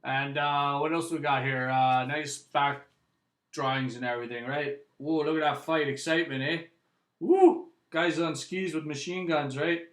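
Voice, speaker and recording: Canadian male host, casual rambling delivery, bright tone, roomy echo. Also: fairly high pitch, fairly even intonation, normal speed. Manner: chatty, rambling, frequent "eh" and "right". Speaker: music vlog host. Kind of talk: casual vinyl review.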